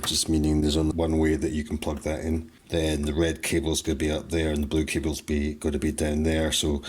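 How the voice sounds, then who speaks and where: A man's voice: extremely low pitch, a little mellow. A man hosting a hands-on repair tutorial, talking in clipped, terse step-by-step phrases. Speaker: host of a repair tutorial channel.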